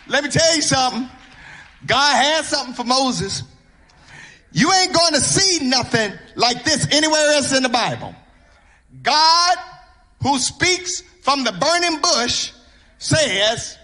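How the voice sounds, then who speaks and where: A man with a Mississippi accent preaching a sermon in a church, with rhythmic whooping, shouted lines and sing-song cadences. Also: extremely high pitch, big pitch swings, a little slow. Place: church sanctuary.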